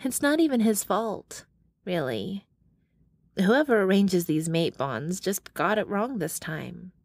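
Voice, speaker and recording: A woman's voice: mid-range voice, sing-song, slow pace, darkish tone, no room sound, clean studio sound, full character voice. A woman voicing a motherly older bear-shifter woman who speaks bluntly and calls people honey.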